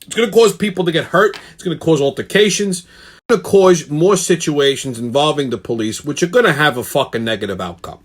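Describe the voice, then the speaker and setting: A man's voice: on the high side, animated, a little fast. A male show host telling a heated, profane story in a blunt ranting monologue.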